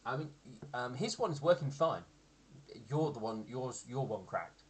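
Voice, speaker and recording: A man's voice: medium pitch, animated, unhurried. A man narrating as game master of a tabletop game, hesitant and full of ums and restarts.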